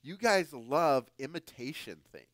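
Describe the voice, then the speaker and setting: A man's voice: on the high side, lively intonation, measured pace, a bit bright, no room sound, pitched above the performer's own voice. A puzzled, easygoing grown man, put on by a preacher sounds bemused, his voice rising in disbelief. The sound is dry and close, with no room around it. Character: laid-back adult male friend from abroad, puzzled.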